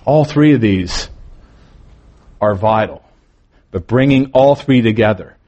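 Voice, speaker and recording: A male pastor preaching a morning sermon, moving between emphatic lines and quieter, drawn-out phrases. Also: mid-range voice, highs cut off.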